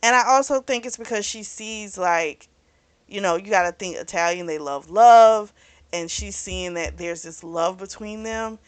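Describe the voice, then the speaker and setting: A woman's voice: mid-range voice, unhurried, no room sound. A woman hosting a book club channel, retelling a romance novel's plot in casual chat full of "like" and "you know".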